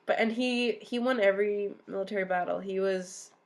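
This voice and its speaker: A young woman co-hosting a podcast, telling history in a casual, animated way, swearing freely. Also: mid-range voice, brisk. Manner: animated storyteller who swears and acts out quotes. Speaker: podcast co-host.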